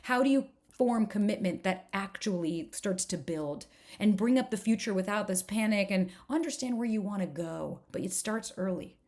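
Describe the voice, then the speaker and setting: A woman's voice: mid-range voice, normal speed, a little mellow. A woman relationship coach presenting a live workshop, talking frankly with casual swearing and firing off one rhetorical question after another.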